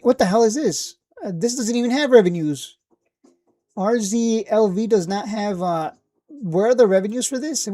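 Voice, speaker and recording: A woman hosting a casual stock live stream, thinking aloud with lots of fillers and blunt asides, a little hoarse from losing her voice. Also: lowish voice, warm tone. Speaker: stock livestream host.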